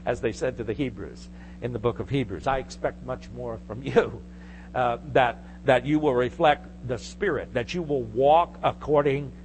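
A man's voice: medium pitch, a little hiss or hum. Man preaching a sermon. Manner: preaching, rising to forceful emphasis. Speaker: pastor.

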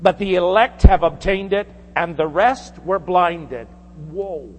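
A man's voice: sits high, measured pace, in a large hall. A man preaching a sermon with fervent emphasis, asking the congregation rhetorical questions.

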